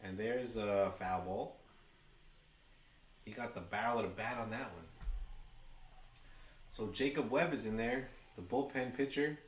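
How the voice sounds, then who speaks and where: Excitable man with a New York accent. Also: on the low side, unhurried, long pauses, reverberant, recorded from a distance, slight background noise. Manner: chatty, excitable, talks to chat. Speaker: livestream host. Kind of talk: fan watch-along commentary.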